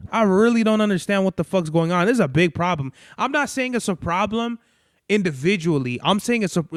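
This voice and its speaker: High-voiced rambling profane young man. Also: no room sound, clean studio sound. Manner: rambling, profane, loses his train of thought. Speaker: podcast host. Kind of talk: casual monologue.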